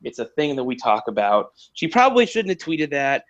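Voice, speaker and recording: A man's voice: mid-range voice, very animated, fairly quick, dull audio. A man talking as a sportswriter guest on a podcast, joking and self-deprecating as he rambles through casual chat.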